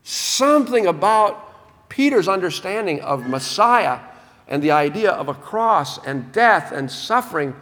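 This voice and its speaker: Guy preaching a sermon, high voice swinging all over, slows down to hit key words, big hall echo. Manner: emphatic, lively pitch with slowed, stressed key words. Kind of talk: sermon on a Gospel text.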